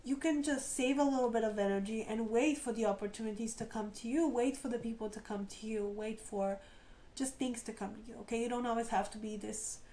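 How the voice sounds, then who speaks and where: A woman's voice: fairly even intonation, a little fast, dark tone, rough recording. Chatty woman giving a tarot reading. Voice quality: lower tone than usual, slight vocal fry. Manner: chatty, encouraging, speaks to viewers directly. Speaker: tarot reader. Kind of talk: casual spoken tarot reading.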